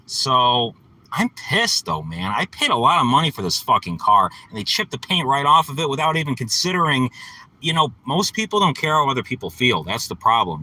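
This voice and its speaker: Agitated man vlogging from his car, bright tense voice, swears constantly, close phone mic. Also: mid-range voice, poor audio. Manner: profane, agitated ranting. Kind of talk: ranting vlog from his car. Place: inside a parked car.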